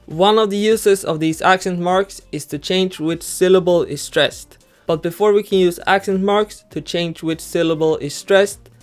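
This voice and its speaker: A man narrating a scripted language lesson in a measured, even instructional way. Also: high-pitched, clear, resonant tone. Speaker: language teacher. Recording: music bed under voice-over. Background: faint background music.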